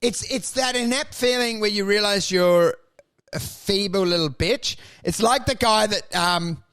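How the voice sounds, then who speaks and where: A man co-hosting a podcast who tells absurd comic stories in an animated, sweary way, jumping into acted voices. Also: sits high, unhurried, smooth. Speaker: podcast co-host.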